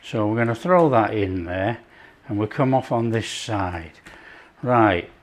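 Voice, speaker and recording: A man's voice: lowish voice, a little slow. A man hosting his own cooking show, chatting casually as he prepares a dish. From not France. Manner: chatty, relaxed, talks while working.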